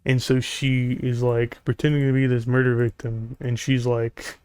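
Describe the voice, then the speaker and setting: A man's voice: mid-range voice, level tone, moderate pace, a little mellow, clear, resonant tone, dry recording. A man giving casual commentary over gameplay. He rambles, fills his talk with "like," and makes sarcastic jokes. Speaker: gaming YouTuber.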